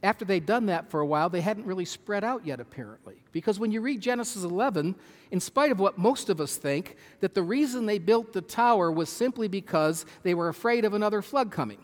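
A man's voice: high voice, lively intonation, fairly quick. A man preaching a Bible-study sermon, earnest and emphatic, asking his listeners questions as he teaches. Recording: long hall reverb.

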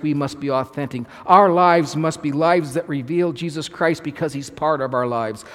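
A man's voice: fairly high pitch, big-room sound. A man preaching a sermon as pastor, earnest and emphatic, restarting phrases as he explains scripture.

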